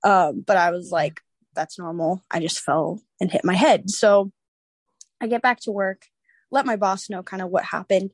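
A young woman in her twenties, a podcast guest, telling a personal story in an animated, casual way, acting out the voices of others and laughing often. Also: medium pitch, moderate pace, dry recording.

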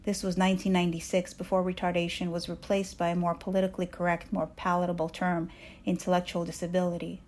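A woman reading her own personal essay aloud in a measured, candid storytelling voice. She grew up in Soviet Ukraine. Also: fairly low pitch, flat delivery, a little mellow, a little hiss or hum.

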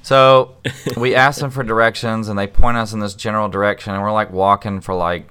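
A man's voice: on the low side, little pitch movement, a little fast, bright, forceful tone, smooth. A young man in casual chat, animatedly telling a travel story with frequent laughs. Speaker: guest.

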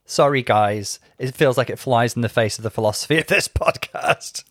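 A man's voice: mid-range voice, normal speed, fairly bright tone, dry recording. A man co-hosting a casual podcast in his thirties, speaking in a dry, teasing and thoughtful way. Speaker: podcast co-host, psychiatrist. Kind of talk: casual chat. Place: Liverpool home studio.

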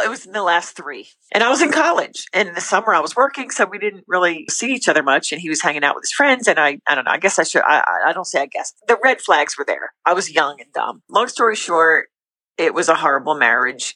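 Middle-aged woman guest, bright and forceful tone, earnest testimony, dry close sound. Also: deep voice, expressive, no room sound, poor audio. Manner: earnest, faith-filled, talks in quick bursts with restarts. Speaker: podcast guest. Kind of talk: candid personal testimony.

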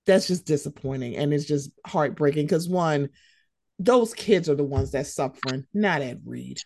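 A woman co-hosting a podcast, ranting in heated casual commentary, animated and profane. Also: deep voice, normal speed, creaky, dry recording, clean studio sound.

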